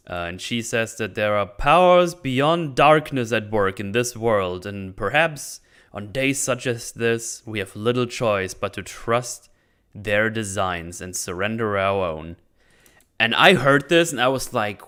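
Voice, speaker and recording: A man's voice: mid-range voice, lively intonation, unhurried, a bit bright, clear, resonant tone. A man casually recapping a TV episode, ranting and sardonic, swearing freely. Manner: sardonic, mutters asides. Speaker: show host recapping a TV episode.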